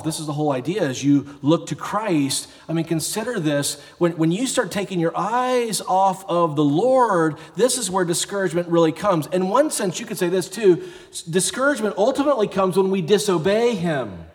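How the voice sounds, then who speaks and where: A man's voice: high voice, lively intonation, moderate pace, big-room sound. A pastor giving a conversational sermon, sometimes acting out the people he quotes, in a church sanctuary. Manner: conversational preaching, acts out quoted voices.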